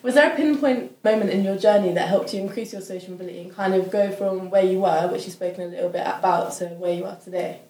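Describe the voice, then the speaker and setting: Young woman, student co-host, fast, mellow, echoey room, far from mic. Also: medium pitch. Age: young adult. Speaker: student co-host asking questions. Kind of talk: podcast interview questions.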